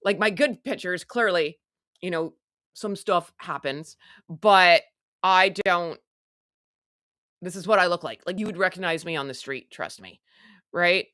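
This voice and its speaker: A woman hosts a casual celebrity gossip livestream and keeps up a chatty, sarcastic back-and-forth with her viewers. Her voice sits a little low yet comes across bright and forceful. The sound is dry and close, as if she speaks straight into her computer mic. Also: a little slow, long pauses, dry recording. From Canada. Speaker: livestream host.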